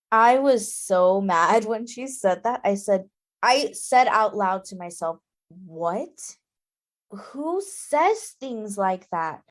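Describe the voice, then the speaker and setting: A woman co-hosting a casual book-club podcast, who talks in an emphatic, exclamatory way and is quick to get indignant. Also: fairly high pitch. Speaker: podcast co-host.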